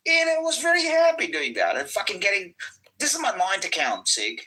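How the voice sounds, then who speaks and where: Animated Australian man, joking. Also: sits high, a little fast, low-quality recording. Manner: animated, joking, repeats words when starting a thought. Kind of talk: casual chat in an online audio room.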